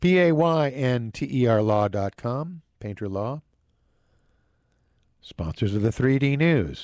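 A man delivers local news, sponsor reads and the weather in a casual, lively host manner, tossing in wry, jokey asides. His voice sits at an ordinary middle pitch, recorded close and dry with no room sound. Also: measured pace, no echo.

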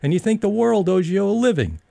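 Guy putting on a naggy middle-aged mom scolding her daughter, raised voice, gravelly. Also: high-pitched, sing-song, a little fast, no echo, pitched above the performer's own voice, heavily acted. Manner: scolding, sharp. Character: scolding middle-aged mother, nagging, stern.

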